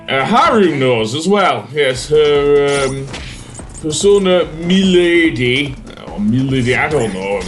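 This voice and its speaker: A man's voice: on the high side, big pitch swings, slow pace, soft background music. A man hosting a let's play, chatting casually over his gameplay with lots of fillers and self-corrections.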